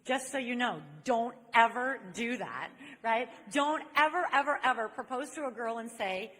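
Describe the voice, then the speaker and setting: A woman from Saint Louis is speaking to a live audience in a large convention hall, and the long reverb of the room trails after her words. Her voice sits slightly high. She is an animated storyteller who turns to her listeners directly as she makes her point. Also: normal speed, few pauses. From Saint Louis, USA. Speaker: speaker on chastity. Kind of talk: inspirational talk to a live audience.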